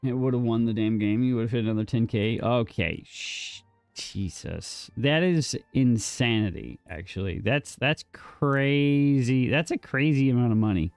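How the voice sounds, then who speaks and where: A man's voice: medium pitch, unhurried, creaky, a little mellow, clean tone, dry recording, soft background music. A man streaming a game, casually bantering with his chat and teasing them in a mock-defensive way, with some casual swearing. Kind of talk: casual live gameplay chat.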